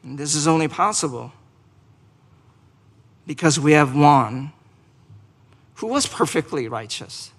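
Man, pastor, sermon, earnest, emphatic peaks, slightly high voice, slow delivery. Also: lively intonation, a bit bright, in a large hall. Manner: speaks directly to the congregation with questions. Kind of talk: sermon and closing prayer.

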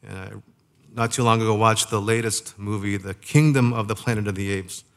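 A man preaching a sermon in a conversational way, asking the listeners rhetorical questions and slowing down to stress key phrases. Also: lowish voice, steady tone. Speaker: pastor.

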